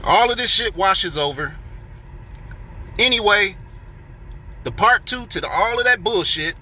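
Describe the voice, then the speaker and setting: A man's voice: sits high, lively intonation, measured pace, sharp tone, a little hiss or hum. A man telling a heated workplace story in casual, profane monologue, acting out what he and others said. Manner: profane, heated, acts out quoted coworkers.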